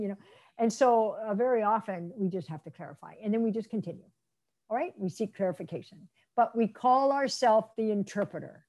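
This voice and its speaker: Woman, middle-aged, mellow voice, lecturing, acts out quoted speakers. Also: fairly high pitch, moderate pace. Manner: lively, acts out quoted speakers in role-play. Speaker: interpreter trainer. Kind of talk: lecture presentation.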